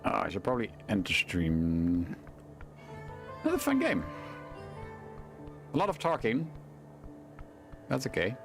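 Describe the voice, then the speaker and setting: A young man streams a video game, chatting casually and muttering to himself, with the odd curse. His pitch rises and falls a lot as he reacts. Soft game music plays quietly behind him. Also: big pitch swings, moderate pace, vocal fry, pauses often. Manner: mutters and swears, reads game text aloud. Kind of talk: casual gameplay commentary.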